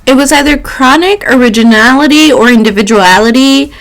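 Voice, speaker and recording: A woman's voice: high voice, fairly quick, faint music behind. Chatty, swearing woman host. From Mexican. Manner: chatty, swears often, laughs a lot, mixes in Spanish words. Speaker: host and tarot reader. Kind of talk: casual chat while doing makeup.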